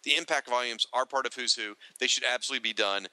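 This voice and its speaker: A man's voice: medium pitch, quick pace, pushed and bright, no echo, rough recording. A man co-hosting a podcast, reading listener feedback aloud with joking asides to the listeners. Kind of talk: casual podcast chat.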